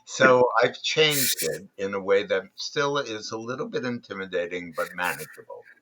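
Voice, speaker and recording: A male podcast guest who leads fatherhood workshops, telling stories in a thoughtful, unhurried way with frequent ums and restarts. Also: fairly low pitch, expressive, bright, forceful tone, a little hiss or hum. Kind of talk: reflective interview storytelling.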